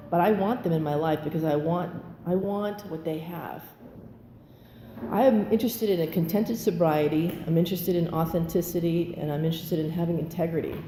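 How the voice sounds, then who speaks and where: A woman speaking frankly at a recovery meeting, her voice low and mellow. She tells her story in an animated, unguarded way. The sound rings through a large echoey hall with a long reverb tail. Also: a little hiss or hum. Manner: candid, animated, acts out quotes with laughter. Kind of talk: personal testimony.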